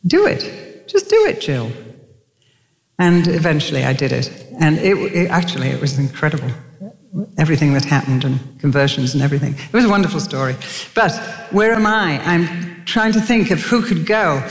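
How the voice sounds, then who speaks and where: A woman's voice: brisk, long reverb tail. An older woman teaching from the Bible in a sermon, telling stories animatedly and acting out the quotes. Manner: animated storytelling, acting out quotes with lively pitch jumps.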